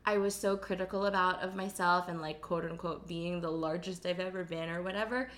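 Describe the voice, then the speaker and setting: Earnest young woman, slightly low voice. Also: fairly even intonation, fairly quick, fairly bright tone. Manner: earnest, heartfelt, laughs often. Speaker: podcast host. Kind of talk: casual chat.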